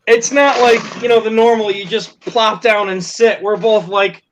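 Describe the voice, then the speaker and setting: A man's voice: sits high, fairly even intonation, normal speed. A man telling a story casually to friends, laughing, swearing and acting out the quotes. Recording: dull lo-fi recording with faint noise.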